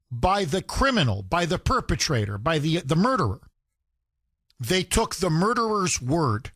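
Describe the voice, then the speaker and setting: Male talk host, emphatic and indignant, animated delivery, dry close mic. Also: a little high, no echo. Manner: indignant, emphatic, mimics people in quotes. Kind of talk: opinionated talk radio commentary.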